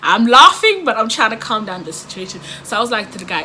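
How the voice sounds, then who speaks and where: A woman telling a story casually to camera, animated, often laughing and acting out what others said. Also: a little high, fast, few pauses, background noise. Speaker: vlogger.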